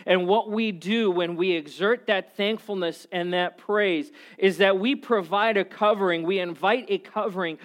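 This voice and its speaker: In a high voice, a man who is a pastor preaches a sermon, telling stories in an animated and conversational manner.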